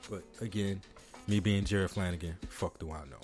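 A man with a fairly low voice hosts a casual podcast, reading out news articles and riffing on them with a joking tone. Faint music sits behind his voice. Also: fairly even intonation, normal speed, darkish tone. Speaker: podcast host.

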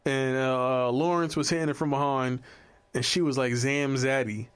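A man in casual, swearing banter, animated and jumping up in pitch when excited. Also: moderate pace, smooth.

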